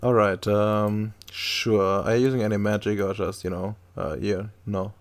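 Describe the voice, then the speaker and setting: A man's voice: on the low side, level tone, normal speed. A man running a tabletop game as game master, describing things in a rambling way full of fillers.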